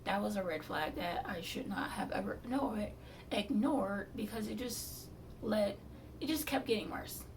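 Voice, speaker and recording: A woman with a gravelly, fry-edged voice tells a storytime vlog, exasperated and blunt, now and then swearing. She sits a little off the mic, and a faint hum of background noise runs under her voice. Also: medium pitch, unhurried, recorded from a distance. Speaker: vlogger telling her surgery story.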